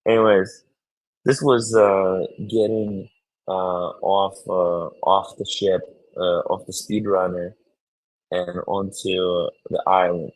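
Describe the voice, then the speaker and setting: A man hosting a casual live stream, chatting in a rambling, excitable way and swearing freely. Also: deep voice, takes it slowly, low-quality recording. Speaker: streamer host.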